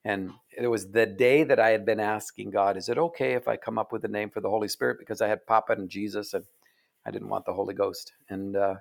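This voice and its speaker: Male author guest, low and gravelly, earnest and reflective. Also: steady tone, fast talker. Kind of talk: reflective conversation. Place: Oregon.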